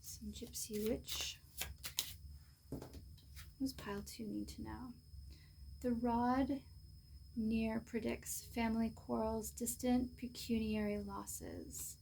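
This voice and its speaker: Woman reading tarot cards for viewers, soft and slow, dark fry-tinged tone over a faint hiss. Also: fairly high pitch, fairly even intonation. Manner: unhurried, soft-spoken, pausing with fillers. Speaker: tarot reader. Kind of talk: pick-a-card tarot reading.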